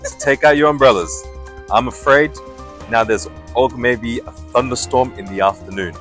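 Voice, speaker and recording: A man's voice: mid-range voice, moderate pace, fairly bright tone, faint music behind, lightly acted. A man playing an upbeat male TV weatherman with a breezy, jokey forecaster delivery.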